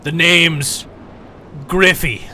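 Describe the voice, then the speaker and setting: A man's voice: a little high, fairly even intonation, drawn-out words, pushed and bright, slight background noise, voice pushed up, full character voice. A man voicing a friendly, slangy male griffin mount in a tabletop game. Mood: chummy. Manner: slangy, calls people boss.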